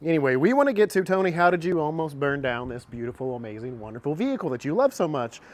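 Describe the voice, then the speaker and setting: A man talks casually through a truck repair outdoors, his voice sitting a little high and swinging up and down a lot. He is chatty and pokes fun at himself, and the camera mic picks him up sometimes closer, sometimes further off. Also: very animated, fast. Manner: chatty, self-mocking, gets long-winded. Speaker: car repair vlogger. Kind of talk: casual how-to vlog.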